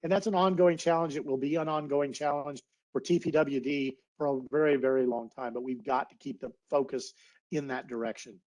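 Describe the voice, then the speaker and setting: A man's voice: medium pitch, steady tone, fairly quick, a little mellow, low-quality recording. A man giving an earnest, heartfelt webinar talk over a video call, getting a little emotional. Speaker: guest speaker, naturalist biologist.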